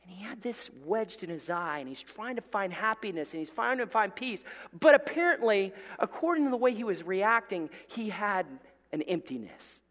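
A man from Alabama with a Southern accent, preaching a sermon in a church and telling a story, moving from hushed tones to loud bursts. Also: sits high, normal speed, big-room sound. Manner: animated, swings from hushed to loud, acts out voices. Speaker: pastor. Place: church sanctuary.

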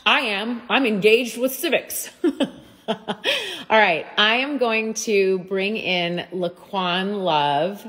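A woman's voice: medium pitch, takes it slowly, fairly bright tone. Bubbly woman livestreaming on a phone. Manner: bubbly, chatty, laughs often. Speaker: livestream host. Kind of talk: casual livestream chat.

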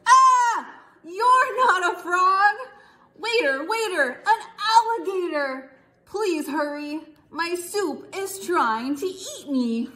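A woman's voice: high-pitched, animated, slow pace, few pauses. A woman voicing a flustered male restaurant diner who calls out to the waiter in alarm. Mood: panicked. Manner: alarmed, exclaiming pleas.

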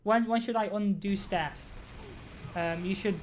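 A woman live-streaming a game, chatting casually with her viewers, reacting out loud, swearing and laughing often. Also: mid-range voice, unhurried, slight background noise. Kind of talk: casual gaming commentary.

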